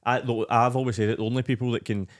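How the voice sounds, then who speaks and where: Fast-talking young Scottish man. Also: medium pitch. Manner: rambling, sweary, animated storytelling. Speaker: guest. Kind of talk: casual podcast chat.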